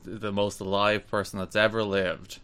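A man hosting a podcast in casual chat, teasing his co-host with dry, deadpan banter. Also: lowish voice, normal speed, clean tone.

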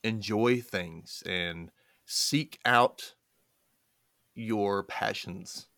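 This guest has a lowish male voice and speaks very slowly, recorded at studio quality without echo. Chatting casually, he spins family tales with frequent laughter, acting out each quoted person.

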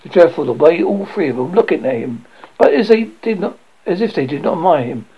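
A man reading a children's classic aloud, lively and prone to stumbles. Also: on the high side, a little fast, slightly rough. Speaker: reader. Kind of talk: storybook reading. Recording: dull lo-fi recording.

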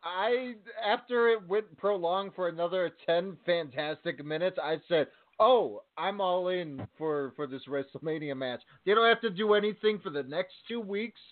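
A man co-hosting a casual wrestling talk show, enthusiastic and quick to laugh. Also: sits high. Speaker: podcast co-host. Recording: tinny phone-line audio.

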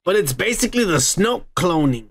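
A man's voice: high-pitched, very animated, normal speed. A man hosting a podcast in casual chat, ranting and cursing freely. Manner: profane, ranting. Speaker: podcast host.

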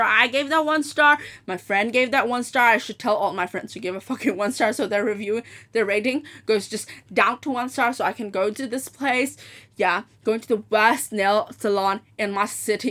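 A young woman rants straight to camera about a bad customer experience, swearing often and acting out the other side of the conversation. Her voice sits a little high and sounds bright and forward. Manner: animated, swears freely, mimics others; switches to Cantonese when quoting. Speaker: vlogger. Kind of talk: casual ranting vlog.

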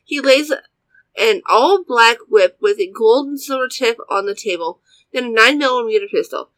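A woman's voice: on the high side, animated, normal speed, fairly bright tone, no echo, poor audio. A woman reading her own first-person story aloud, plainly and with occasional slips.

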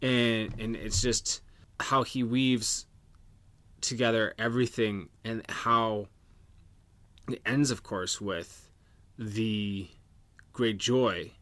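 A man's voice: lowish voice, fairly even intonation, slow, pauses often, fairly bright tone. A man co-hosting a podcast in casual chat, earnest and reflective, often restarting his sentences. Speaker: podcast co-host.

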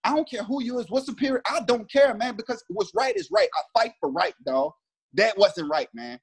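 A man's voice: very high-pitched, very animated, brisk, vocal fry, husky. A man in his thirties, a former pro football player, telling a heated story in slangy, emphatic casual talk and acting out what others said. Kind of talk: animated storytelling chat.

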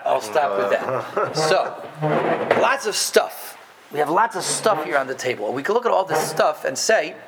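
A man teaching a live Torah class to a group, animated and emphatic, dropping into low asides and playful jokes with his students. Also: a little hiss or hum. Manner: animated, emphatic, jumps between loud stresses and low asides.

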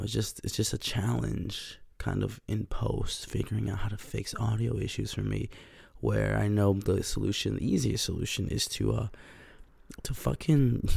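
A man's voice: fairly low pitch, gravelly, mellow, slightly rough, no echo, studio quality. A young man hosting a casual solo podcast, congested, rambling with fillers and swearing into a podcast mic. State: stuffed up, congested. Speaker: podcast host.

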